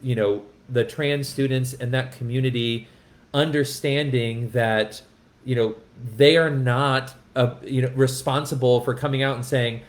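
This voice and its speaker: A man's voice: mid-range voice, steady tone, unhurried. Earnest man telling a story. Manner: earnest and impassioned, with frequent restarts and asides. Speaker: music educator. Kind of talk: storytelling in a podcast conversation.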